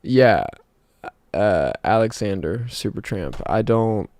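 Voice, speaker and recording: A man's voice: lowish voice, lively intonation, slow, a little mellow, no echo. Rambling young man streaming live. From South Georgia, US. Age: 20s. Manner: rambling, many fillers and restarts. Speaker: livestream host. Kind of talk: casual livestream chat, reading chat.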